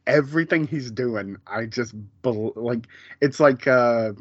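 A man's voice: mid-range voice, a little slow, no echo, lo-fi sound. A man co-hosting a podcast, chatting casually in a rambling way with many fillers and restarts. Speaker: podcast co-host. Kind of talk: casual chat.

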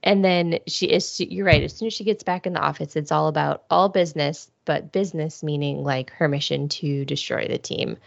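A woman's voice: sits low, gravelly, no room sound. A woman co-hosting a casual podcast chat about a TV show. She agrees readily and chimes in often. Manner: agreeable, quick short affirmations. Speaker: podcast co-host. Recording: dull, lo-fi home podcast audio.

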